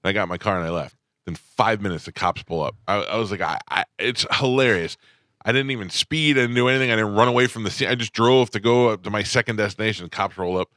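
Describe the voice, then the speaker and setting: A man's voice: lowish voice, fast talker, dry recording, studio quality. A man hosting a morning radio show, chatting casually and acting out the voices in his stories. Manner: animated storyteller, acts out the voices in his anecdotes. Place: radio studio. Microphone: studio microphone.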